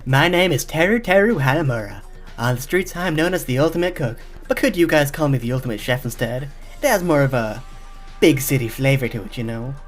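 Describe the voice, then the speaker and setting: A man's voice: medium pitch, animated, brisk, close to an everyday voice. Brief: male performer as a sleazy young cook, southern twang, frantic edge, faint music bed. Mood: smarmy. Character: sleazy small-time young male chef.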